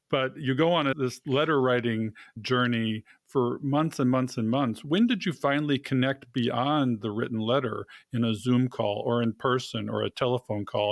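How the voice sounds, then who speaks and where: A man co-hosting a podcast, asking questions in a conversational, sometimes halting way. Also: medium pitch, no echo. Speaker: podcast co-host. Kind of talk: casual interview questions.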